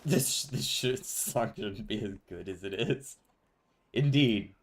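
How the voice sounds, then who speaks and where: A man casually commenting on his gameplay to a live chat, relaxed and laughing often. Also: lowish voice, slow. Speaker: streamer.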